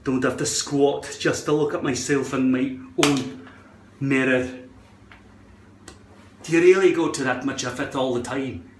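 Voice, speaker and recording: A man's voice: medium pitch, steady tone, a little slow, pauses often, reverberant, slight background noise. A man doing a playful put-on Scottish accent, swearing now and then, while casually explaining how to attach a hairpiece in front of a mirror at home. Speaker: hairpiece vlogger.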